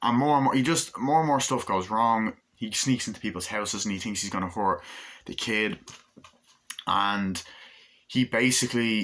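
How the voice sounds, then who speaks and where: Casual male reviewer, low voice with a bright edge, loose and profane. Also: moderate pace. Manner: rambling, enthusiastic, swears freely. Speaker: movie reviewer. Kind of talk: casual spoken movie review.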